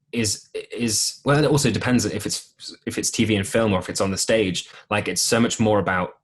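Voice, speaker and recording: A man's voice: fairly low pitch, slightly rough. A young man, a musical theatre actor, chatting as a podcast guest in a rambling way with many restarts. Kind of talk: casual chat.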